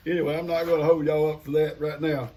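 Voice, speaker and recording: A man's voice: fairly high pitch, flat delivery, quick pace, mellow. An older man, chatting casually and folksily to camera while opening gifts and talking to his pets. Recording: noisy home recording.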